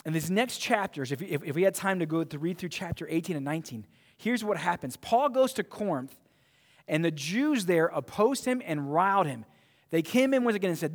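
A man's voice: high-pitched, expressive, normal speed, long reverb tail. A man preaching a sermon as pastor, emphatic and often restarting his phrases.

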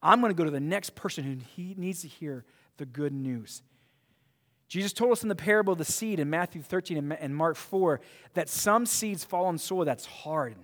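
A pastor preaches to his church, his voice sitting a little high. He talks emphatically and often restarts his phrases. A long reverb hangs after him in the sanctuary. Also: a bit bright. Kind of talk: sermon.

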